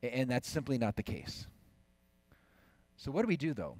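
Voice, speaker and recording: A middle-aged man giving a faith conference talk, telling lively family stories and asking the audience questions. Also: medium pitch, moderate pace, no room sound. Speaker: conference speaker.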